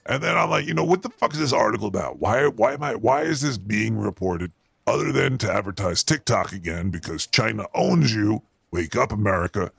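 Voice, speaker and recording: A man puts on an exaggerated, gravelly voice as a paranoid, potty-mouthed male cartoon rat hosting a show, ranting about the news with crude exasperation in comedic style. He talks briskly in a lowish, expressive, fairly bright voice with no echo.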